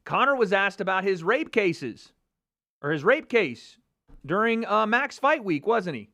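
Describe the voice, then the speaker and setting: A man's voice: high voice, sing-song, unhurried, bright, forceful tone, no room sound. A man hosting a live MMA talk stream, commenting casually with mocking, profane banter and frequent laughter. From United States.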